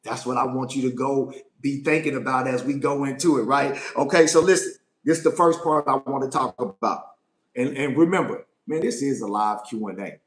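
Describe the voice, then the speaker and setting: A man acting as a life coach gives a live motivational Q&A talk, his medium-pitched voice moving a little fast with reverb around it. He is emphatic, repeats phrases, and keeps asking "right?"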